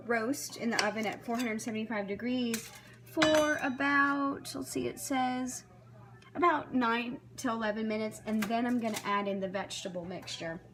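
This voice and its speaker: Filming a relaxed cooking vlog in her home kitchen, a woman talks to the camera in a fairly high-pitched voice, chatty and thinking aloud as she chops vegetables and works through a recipe. The background is noisy with the clatter of knives, dishes and pans.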